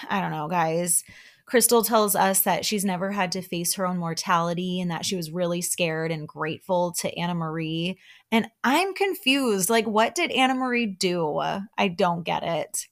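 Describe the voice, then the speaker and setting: A woman's voice: fairly low pitch, expressive, normal speed. A woman hosting a podcast, casually recapping a reality show with frequent laughs and asides to her listeners.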